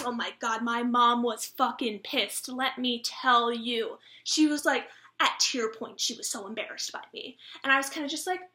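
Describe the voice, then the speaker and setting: A woman's voice: a little high, steady tone, normal speed, few pauses, pushed and bright, reverberant, a little hiss or hum. A twenty-year-old woman, an actress, giving a blunt, self-deprecating improvised comic monologue for a self-tape. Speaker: actress auditioning. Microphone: camera mic of a self-tape.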